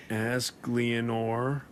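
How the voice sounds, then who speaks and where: A man's voice: medium pitch, slight background noise. A man chatting casually, mostly giving short reactions and dry asides. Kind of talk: casual chat.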